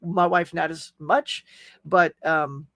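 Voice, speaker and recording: A man's voice: fairly high pitch, fairly even intonation, takes it slowly, sharp tone, dry recording, clean studio sound. A man hosting a casual live chat show, rambling in a friendly, talkative way as he answers viewer comments. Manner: rambling, chatty, friendly, with frequent fillers and laughs. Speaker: host.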